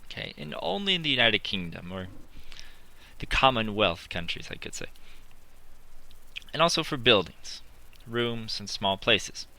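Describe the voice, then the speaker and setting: A man teaching English in a slow, deliberate classroom style, repeating his examples while writing them on a board. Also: fairly low pitch, sing-song, gravelly, pushed and bright. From not British.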